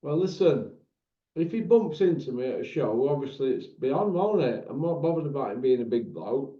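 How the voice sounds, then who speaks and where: A man's voice: mid-range voice, animated, normal speed. A man hosting a casual chat, full of teasing, laddish banter. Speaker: host. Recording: roomy, dull lo-fi sound.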